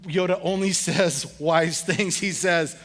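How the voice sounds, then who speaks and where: Middle-aged male pastor, high tenor, relaxed storytelling sermon with humor. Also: slow pace. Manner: casual, humorous storytelling with audience questions. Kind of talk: conversational sermon.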